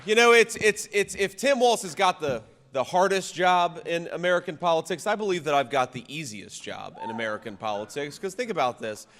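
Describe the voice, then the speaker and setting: A man, a vice-presidential candidate, gives a political rally speech. He repeats punchy slogans, shouts the big lines, and often restarts his sentences. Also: a little high, animated, fairly quick, few pauses, in a large hall. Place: campaign rally venue.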